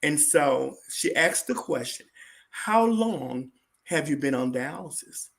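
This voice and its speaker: A man being interviewed as a guest, telling a personal story in an animated way and acting out what other people said. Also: a little high, takes it slowly, vocal fry.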